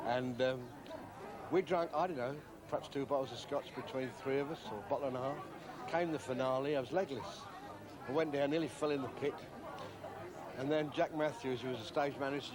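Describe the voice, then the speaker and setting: A comedian telling a rambling, self-mocking anecdote. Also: male voice, mid-range voice. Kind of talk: comic anecdote. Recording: crowd noise behind.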